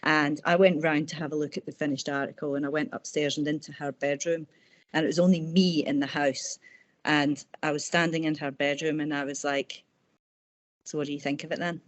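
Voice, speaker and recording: A woman author talking in a casual interview over a video call, telling personal stories warmly and restarting her sentences often. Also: low-pitched, flat delivery, fairly quick. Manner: warm, chatty storytelling with frequent restarts. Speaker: author guest.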